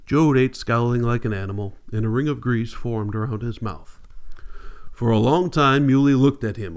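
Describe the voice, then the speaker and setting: A male audiobook narrator with a smooth, resonant voice at a middling pitch. He reads steadily and in a measured way, keeping to plain scripted narration. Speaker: audiobook reader.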